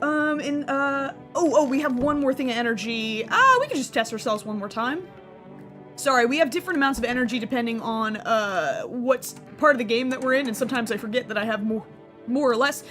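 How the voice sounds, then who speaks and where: A young woman streamer rambles through her let's-play commentary in a goofy way, quick to laugh. Her voice sits high and bright, with faint music in the background. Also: animated. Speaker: gaming streamer.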